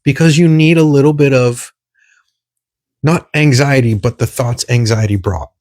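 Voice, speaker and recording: At a moderate pace and medium pitch, this podcast co-host chats casually, his darkish voice wandering as he searches for the right words. The recording is clean studio audio without echo.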